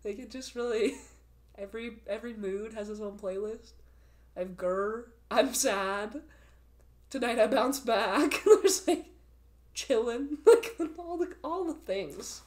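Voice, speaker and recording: A Canadian woman in her twenties, appearing as a podcast guest, chats casually in a slow, fairly high voice. She giggles a lot, rambles, and fills her speech with filler words.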